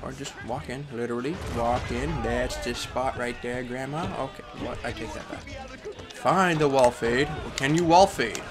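A young man commentating his own football video game, trailing off into mumbles and then bursting into angry yells at the players. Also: medium pitch, moderate pace, music in the background. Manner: swings from mumbling to yelling at the game. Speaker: gaming commentator. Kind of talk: let's play commentary. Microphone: headset or desk microphone.

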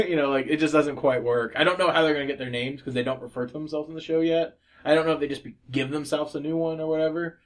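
A man's voice: on the high side, fairly even intonation, quick pace. A man co-hosting a podcast in casual chat, rambling with many fillers and frequent laughs. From United States. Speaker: podcast co-host.

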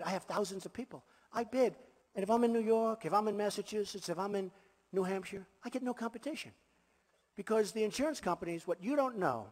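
A man giving an emphatic campaign rally speech as a political candidate, repeating his points and adding boastful asides. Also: high voice. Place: large rally venue before a crowd. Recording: long reverb of a big hall.

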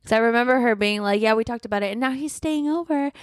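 A woman's voice: on the high side, quick pace, no echo, clean studio sound. A woman co-hosting a casual book-review chat, throwing in playful, teasing quips. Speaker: podcast co-host.

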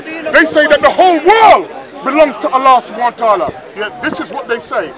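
A man, speaking as a public speaker in a heated open-air street debate. He lectures, repeating phrases for emphasis, and shouts insults when the argument flares. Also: very high-pitched, lively intonation, fast talker, low-quality recording. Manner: raises his voice and trades insults in heated arguments. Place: outdoors in a busy park, London. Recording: outdoor crowd chatter in a park.

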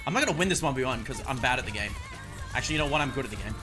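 A young man streaming a video game, talking to himself with excitable commentary and sudden yelps. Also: mid-range voice, very fast. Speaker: gaming streamer. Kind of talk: live gameplay commentary. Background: background music.

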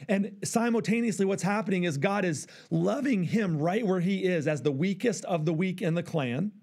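A middle-aged male pastor preaching, acting out voices in an animated way. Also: high voice, moderate pace. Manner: animated, acts out dialogue with God. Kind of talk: sermon.

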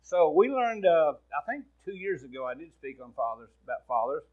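Folksy Midwestern pastor, slightly high voice. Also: male voice, very animated, fairly quick, narrow, tinny audio. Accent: American Midwest. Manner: folksy, plain-spoken preaching with asides to the congregation. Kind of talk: sermon.

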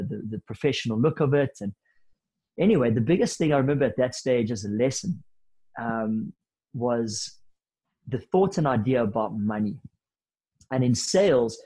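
Husky-voiced man telling a lively story. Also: medium pitch, low-quality recording. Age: 30s. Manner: lively anecdotal storyteller, casual slang. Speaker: podcast guest. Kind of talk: storytelling in a podcast interview.

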